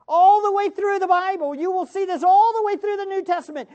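A man's voice: very high-pitched, normal speed, a little mellow. A male pastor preaching a sermon, emphatic and direct with his listeners, often repeating his key phrases. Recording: dull lo-fi sermon recording.

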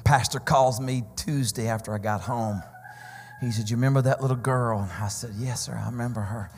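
Shouting Pentecostal preacher in a reverberant church. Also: male voice, medium pitch, steady tone, brisk, slight background noise. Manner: storytelling, builds to shouting, sing-song climaxes. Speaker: visiting preacher. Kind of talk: Pentecostal sermon testimony. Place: church sanctuary. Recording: church hall reverb with keyboard music.

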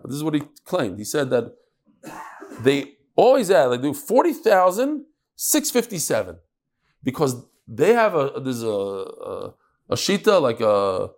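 A man teaching a Talmud class to a live audience into a microphone, joking and acting out the people in his stories. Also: a little high. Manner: animated, joking storyteller acting out quoted speakers. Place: lecture room with live audience.

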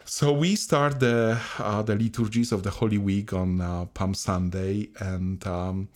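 Priest co-host, halting and hesitant, very low voice. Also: male voice, fairly even intonation, a little mellow. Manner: halting, many restarts and fillers. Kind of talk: conversational reflection.

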